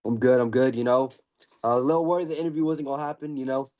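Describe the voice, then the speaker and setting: A man's voice: mid-range voice, mellow. Eager teenage male podcast host. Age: teens. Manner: eager, fast, many fillers. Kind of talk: casual interview.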